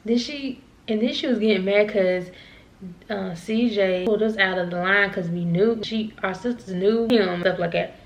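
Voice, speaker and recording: A woman's voice: mid-range voice, moderate pace. Rambling young woman telling a story. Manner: rambling, repeats herself, laughs at herself. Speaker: vlogger. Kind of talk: casual storytime.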